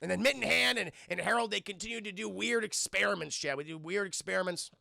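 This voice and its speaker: Gravelly, bright-voiced male film streamer. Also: sits high, quick pace, no echo, clean studio sound. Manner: rambling, profane, keeps addressing chat. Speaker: film reviewer streaming to a live chat. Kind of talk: casual spoiler review on a live stream.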